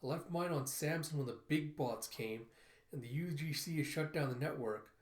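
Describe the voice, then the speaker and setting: List: young girl, gifted, sharp-tongued, read aloud by a man, echoey. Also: on the high side, moderate pace, close to an everyday voice. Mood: snarky. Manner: read-aloud comic dialogue, little voice change. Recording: roomy echo.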